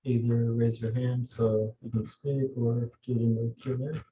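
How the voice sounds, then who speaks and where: Mellow-voiced man hosting a video call. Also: medium pitch, little pitch movement, normal speed, echoey room, dull audio. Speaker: host.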